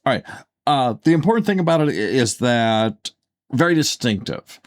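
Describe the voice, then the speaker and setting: A man's voice: mid-range voice, big pitch swings, moderate pace. A man co-hosting a casual podcast, talking things through in a rambling way with lots of fillers and restarts. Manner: rambling, filler-heavy, self-correcting. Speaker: podcast co-host. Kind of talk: casual chat.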